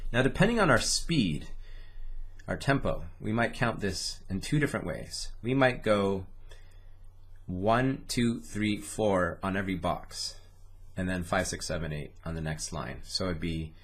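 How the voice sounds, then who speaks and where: A man with a deep voice and a slightly husky tone, teaching a music lesson. He explains patiently and step by step, breaking a rhythm into small chunks and speaking its syllables aloud. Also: unhurried, fairly bright tone. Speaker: didgeridoo teacher. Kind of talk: instructional lesson, talking through rhythms.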